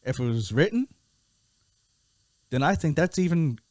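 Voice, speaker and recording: A man co-hosting a casual music review podcast, talking in a laid-back, halting way and laughing often. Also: fairly high pitch, very animated, darkish tone, dry recording. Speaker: podcast co-host.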